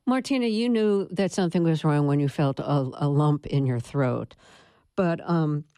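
A woman interviewer with a low, mellow voice asks questions gently. She checks facts with her guests as she goes. The sound is dry and close. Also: moderate pace, dry recording.

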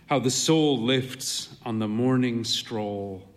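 A man's voice: mid-range voice, slow. A man narrating a story as a weary, wry pub keeper. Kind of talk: storytelling reading. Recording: long hall reverb.

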